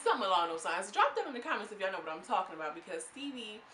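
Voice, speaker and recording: Bright-voiced chatty woman recapping gossip. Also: mid-range voice, very fast, a little hiss or hum. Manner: chatty, laughing, animated storytelling. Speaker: show reviewer. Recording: echoey room.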